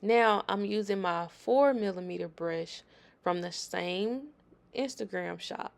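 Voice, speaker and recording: Woman, gravelly voice, chatty nail tutorial voice-over, talks straight to viewers. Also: medium pitch, slow. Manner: chatty, emphatic, addresses viewers directly.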